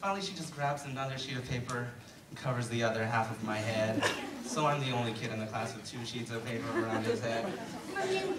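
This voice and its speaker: A man's voice: medium pitch, big pitch swings, fast talker, heavy background noise. Teenage guy doing stand-up in a roomy hall. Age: late teens. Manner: chatty, self-deprecating, many fillers. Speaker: student stand-up comic. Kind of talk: stand-up comedy routine. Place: school auditorium. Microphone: handheld mic on stand, heard from far. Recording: echoey hall from far off, loud crowd. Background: loud crowd laughter.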